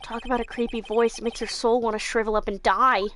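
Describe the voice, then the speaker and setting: A woman's voice: a little high, flat delivery, fast talker, fairly bright tone, a little hiss or hum. A woman streamer giving blunt let's-play commentary with swearing asides.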